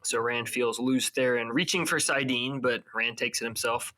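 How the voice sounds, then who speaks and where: A man with a bright, forceful voice talks through a book's chapters in a relaxed podcast chat. He keeps slipping into brief character voices while he retells the scenes. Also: medium pitch, normal speed, low-quality recording. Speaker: podcast co-host. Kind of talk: casual book recap chat.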